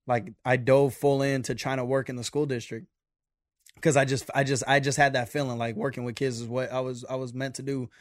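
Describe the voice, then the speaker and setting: A man's voice: medium pitch, flat delivery, brisk, no room sound, studio quality. A young man from a Mexican-American family telling his story in casual, profane podcast chat. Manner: profane, laid-back storytelling.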